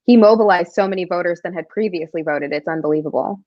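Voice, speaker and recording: A woman co-host talks politics in a loose, chatty way, leaning on lots of fillers. Her voice sits slightly low, and the recording sounds dull, dry and lo-fi. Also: fast, dry recording. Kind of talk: casual political chat.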